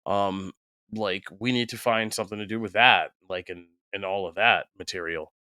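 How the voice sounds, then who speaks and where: Crisp, bright-voiced man with hiccups. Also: fairly low pitch, steady tone, moderate pace, no room sound, clean studio sound. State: has the hiccups. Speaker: guest critic. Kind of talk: casual podcast discussion.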